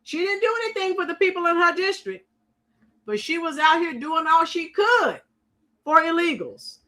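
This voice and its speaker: A woman's voice: very high voice, sing-song, moderate pace, sharp tone. A woman hosting a casual live stream, chatting with viewers and reacting to clips with frequent fillers.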